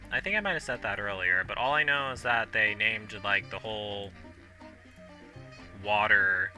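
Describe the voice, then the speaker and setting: A man's voice: lowish voice, bright, forceful tone. Chatty young man rambling over game music. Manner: rambling, chatty, many fillers and restarts. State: hiccuping. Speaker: gaming video host. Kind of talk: casual rambling commentary while playing.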